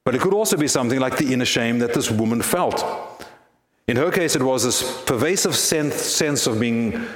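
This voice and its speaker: A man's voice: mid-range voice, expressive, normal speed. Earnest male pastor preaching, echoey. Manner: earnest, rhetorical questions. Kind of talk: sermon. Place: church.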